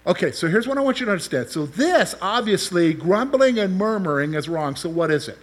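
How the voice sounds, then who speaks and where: A man's voice: high voice, big pitch swings, fairly quick. A man preaching a sermon, explaining scripture and asking the listeners questions as he teaches. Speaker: pastor.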